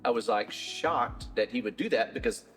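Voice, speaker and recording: A middle-aged man talks shop in an interview, his voice sitting at an ordinary pitch. He wanders through his answers with plenty of restarts and "uh"s. Soft music plays faintly underneath. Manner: rambling, halting with many restarts and fillers. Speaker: bike shop owner.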